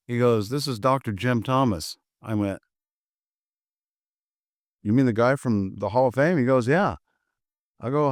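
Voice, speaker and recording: A man's voice: mid-range voice, expressive, a little slow, long pauses, no echo, clean studio sound. An older American man, a martial arts instructor, telling a story casually and acting out both sides of old conversations. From USA.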